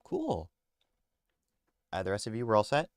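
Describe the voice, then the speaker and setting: A man narrating as game master of a tabletop game, relaxed and loose, with many fillers. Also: fairly low pitch, moderate pace, dry recording, clean studio sound.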